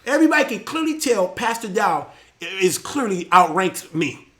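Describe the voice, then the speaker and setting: A man hosting a live church talk show, preaching casually and getting animated, often repeating his words and sometimes shouting. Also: high voice, normal speed, echoey room.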